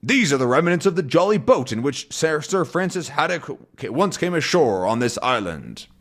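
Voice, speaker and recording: Comic-book sea captain, brisk and bossy, read out by a man putting on a raised voice. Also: a little high, very animated, a bit bright, voice pushed up. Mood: commanding. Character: gruff middle-aged male sea captain. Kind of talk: reading comic dialogue aloud.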